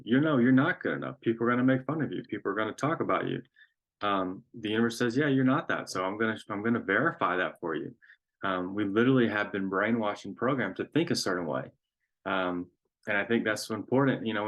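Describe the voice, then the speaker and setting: A man giving a slow, reflective spiritual talk with many pauses and fillers. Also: lowish voice, a bit bright. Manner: slow, pausing, with frequent fillers. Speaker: spiritual teacher.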